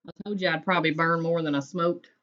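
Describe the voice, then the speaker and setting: A woman's voice: deep voice, steady tone, fast, a bit bright, dull audio. A woman, hosting a casual livestream chat and greeting viewers by name in a folksy way. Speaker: livestream host.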